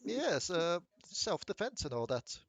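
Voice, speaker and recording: A man doing a haughty ghost gentleman. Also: sits high, big pitch swings, measured pace, breathy edge, no echo, pitched above the performer's own voice, full character voice. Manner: haughty, clipped and disdainful. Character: posh stuffy male ghost gentleman, haughty.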